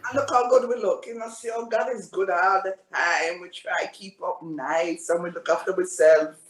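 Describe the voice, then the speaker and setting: A woman from England hosting a casual radio podcast, keeping things familiar with quick yeahs and friendly asides. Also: lowish voice, fairly even intonation. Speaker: podcast host. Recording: echoey with faint background noise.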